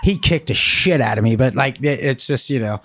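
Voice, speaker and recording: A man's voice: medium pitch, animated, moderate pace, a bit bright, no echo, clean studio sound. A man hosting a podcast in casual chat, rambling and swearing a lot, often breaking into laughter. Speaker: podcast host.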